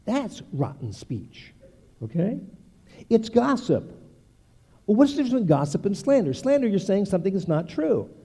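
An older man, a pastor, preaching a sermon with animated delivery and playful asides to the congregation. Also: sits high, normal speed, husky.

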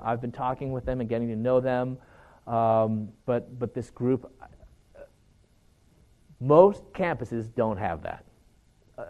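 Halting, earnest man sharing personal testimony. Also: mid-range voice, lo-fi sound. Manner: halting and conversational, with constant 'you know' and fillers; earnest, encouraging. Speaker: guest speaker. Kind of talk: personal testimony talk to students.

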